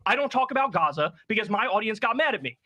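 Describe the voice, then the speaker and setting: A man's voice: sits high, lively intonation, sharp tone. A man pressing his case in a heated political panel debate, insistent and reading out quotes. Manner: rapid, insistent, reads out quotes.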